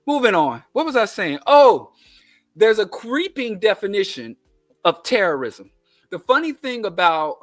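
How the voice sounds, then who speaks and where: A man's voice: high voice, fairly bright tone, dry recording, clean studio sound. A man with a Kansas City twang hosting a political commentary monologue, digressive with emphatic lists and chatty asides. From Kansas City, USA. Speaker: show host.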